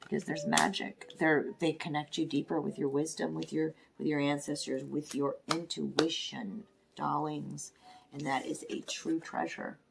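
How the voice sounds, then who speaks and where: A woman giving a spiritual tarot reading to her viewers, talking softly and emotionally, often half-whispering. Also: low-pitched, little pitch movement, unhurried, gravelly, noisy background. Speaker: tarot reader.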